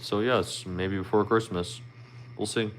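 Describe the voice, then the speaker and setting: A man's voice: lowish voice, fairly even intonation, a little slow, slight background noise. A man from Philadelphia with a Philly accent, casually chatting with viewers on his live stream, asking them questions and laughing often. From Philadelphia, Pennsylvania. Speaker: YouTuber hosting a live stream.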